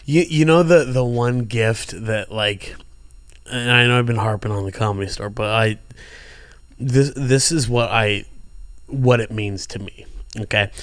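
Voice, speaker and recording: A man's voice: fairly low pitch, no echo. A man, a comedian guest, telling stories in casual podcast chat and swearing freely. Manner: animated storyteller who swears freely.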